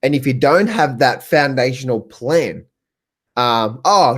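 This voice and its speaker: Excitable Australian man coaching on a live stream. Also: medium pitch, unhurried. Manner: excitable, repetitive, laughs often, chats with viewers by name. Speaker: trading coach. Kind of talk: live stream talk answering viewers in chat.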